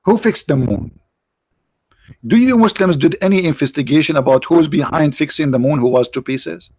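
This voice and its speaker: Here the online show host talks at normal speed, expressive and a little mellow, his slightly high voice sounding tired as he mocks and sneers through a string of rhetorical questions on his live stream. He clears his throat now and then; the close, dry recording has no echo.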